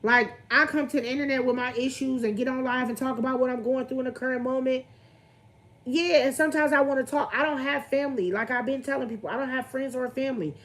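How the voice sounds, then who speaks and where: A woman's voice: high voice, fairly even intonation, fast. A young woman, venting candidly on her livestream and greeting viewers as she talks. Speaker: vlogger on a livestream.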